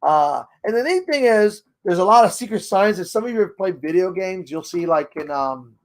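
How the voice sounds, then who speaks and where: Sex: man. Role: tutorial host. Style: casual game-rules explainer. Pitch: high for a man. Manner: rambling, chuckling. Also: animated, moderate pace. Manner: rambling, chuckles often, trails off while searching.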